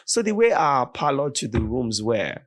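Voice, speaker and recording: A Nigerian man, a podcast guest, telling a story with animated, vivid retelling and voiced quotes. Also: mid-range voice, normal speed. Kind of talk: dramatic storytelling in conversation.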